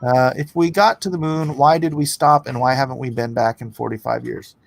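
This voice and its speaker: Gravelly and medium-pitched, this livestream host and artist talks a little fast. He reads out chat comments and responds in a rambling, sarcastic way, laughing frequently.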